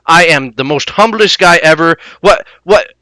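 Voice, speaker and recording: A man's voice: fairly high pitch, moderate pace, pushed and bright, dry recording, poor audio. A man putting on a boastful, shady male gaming vlogger with a lisp, swaggering and rambling as a parody impression. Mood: cocky. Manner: swaggering, repeats his own name, hyped and rambling.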